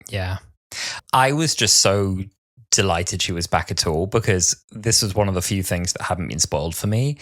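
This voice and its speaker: A man in his twenties co-hosting a podcast, chatting casually and acting out what others said in lively retellings. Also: lowish voice. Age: 20s. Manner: chatty, acts out others' words in animated retellings. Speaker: podcast co-host. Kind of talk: casual chat.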